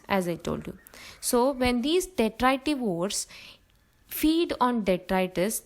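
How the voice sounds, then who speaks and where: A woman's voice: fairly high pitch, poor audio. A young woman teacher giving a biology lecture, explaining terms step by step with frequent fillers.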